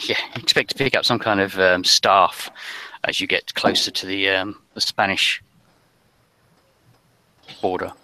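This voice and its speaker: A man's voice: low voice, fairly even intonation, measured pace, pauses often, bright, forceful tone, poor audio. A man narrating as game master of a tabletop game, hesitant with frequent ums.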